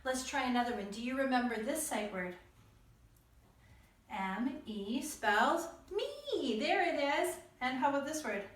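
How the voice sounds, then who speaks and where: A woman's voice: high-pitched, sing-song, a little slow, roomy sound, far from the mic. A woman teaching young children to read, patient and encouraging, spelling out words letter by letter. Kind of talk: reading lesson for young children.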